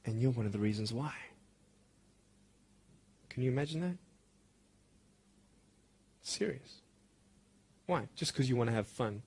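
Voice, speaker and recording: A man giving a motivational speech to school students, impassioned and swinging from soft, intimate lines to loud, emphatic ones. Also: mid-range voice, expressive, a little slow, pauses often, slightly rough.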